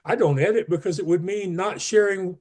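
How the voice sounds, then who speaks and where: A man's voice: high voice, brisk, a little mellow. A man speaking as a podcast guest, earnest and emphatic, pushing up his voice on key advice. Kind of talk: casual interview talk.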